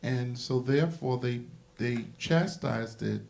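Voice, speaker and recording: Gravelly-voiced man lecturing on a panel. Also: mid-range voice, takes it slowly, a little mellow. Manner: emphatic, explanatory lecturing. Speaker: panel moderator and history teacher. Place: symposium panel.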